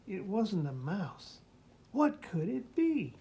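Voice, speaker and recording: A woman's voice: medium pitch, sing-song, takes it slowly, warm tone, a little hiss or hum. A woman reading a children's picture book aloud to a child, mimicking the sounds and asking the listener questions.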